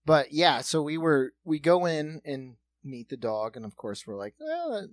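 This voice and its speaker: A man's voice: a little high, moderate pace, no room sound. A man co-hosting a comedy podcast, telling jokey stories in casual, profane banter. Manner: animated, profane, jokey storytelling. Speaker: podcast co-host.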